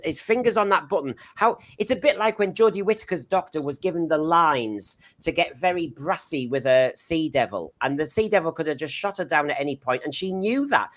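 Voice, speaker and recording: A man's voice: on the high side, a bit bright. A man co-hosting a casual podcast discussion, rambling, laughing mid-sentence and searching for names. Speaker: podcast co-host.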